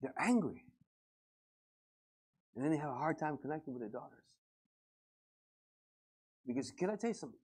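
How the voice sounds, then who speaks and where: Animated husky preacher. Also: male voice, fairly high pitch, normal speed, pauses often. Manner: animated, joking, acts out everyday scenes. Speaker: pastor. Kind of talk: lively preaching sermon with humor. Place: church service before a congregation.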